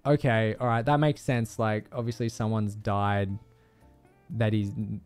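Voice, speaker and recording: Animated swearing young man. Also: fairly low pitch, unhurried, clean tone, soft background music. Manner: swearing, animated retelling with loud outbursts. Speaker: streamer. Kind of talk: casual storytelling.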